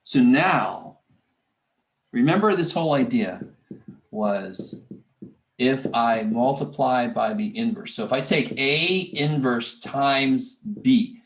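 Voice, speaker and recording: Recorded in a roomy-sounding classroom, a math instructor with a medium-pitched voice lectures slowly, talking himself through the arithmetic and muttering curses under his breath.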